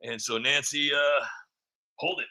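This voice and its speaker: Male vlogger, bright and slightly high, rambling mocking commentary. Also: fairly even intonation, normal speed. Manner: rambling, mocking, many fillers. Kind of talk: political commentary vlog.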